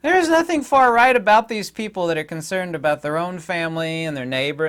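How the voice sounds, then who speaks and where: A man's voice: high-pitched, lively intonation, a little fast, few pauses, fairly bright tone, clean tone. A middle-aged American man giving an indignant, rambling political monologue with sarcastic asides. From United States. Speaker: commentator.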